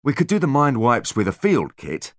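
A man voicing an eager, nervous male centaur technician who explains things hurriedly in a raised, lively voice. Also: medium pitch, normal speed, no echo, studio quality, pitched above the performer's own voice. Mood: eager explaining.

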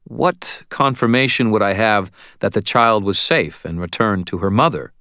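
A man's voice: lowish voice, moderate pace, sharp tone, smooth, no echo. A man narrating a first-person audiobook with a wry, dry delivery.

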